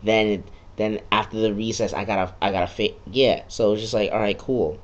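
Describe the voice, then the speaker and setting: A man's voice: lowish voice, fairly even intonation, normal speed, muffled recording. A man giving a casual, sarcastic recap of a video game, swearing freely and slipping into quoted lines. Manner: sarcastic, profane, jumps into quoted voices.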